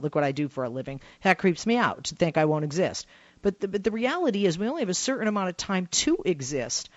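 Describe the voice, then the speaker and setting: A man hosting a call-in radio talk show, telling a story with emphatic swings between loud and hushed. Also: sits high, no room sound. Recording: dull lo-fi radio sound, dry.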